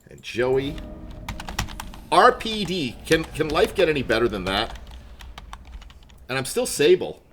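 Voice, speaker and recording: Lively, bright-voiced male game streamer. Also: a little high, measured pace, pauses often, slight background noise. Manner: excitable, yelps and laughs at game moments. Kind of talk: casual gameplay chat. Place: room at home.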